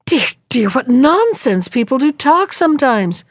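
A woman's voice: sits high, big pitch swings, a little slow, voice pushed up, heavily acted. A woman voicing a crafty old peasant man who feigns wonder to fool his wife. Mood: sly. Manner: sly, coaxing, feigns wonder.

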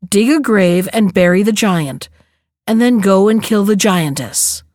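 A woman voicing a gracious fairy lady in a storybook reading, calm and stately. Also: mid-range voice, measured pace, dry recording, clean studio sound, natural voice.

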